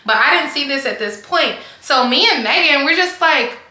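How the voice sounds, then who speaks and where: Young woman rambling thru a storytime, says like a lot, bright voice, kinda higher. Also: lively intonation, moderate pace. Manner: chatty, rambling, heavy use of "like". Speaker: vlogger telling a storytime. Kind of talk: casual storytime chat. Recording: echoey room.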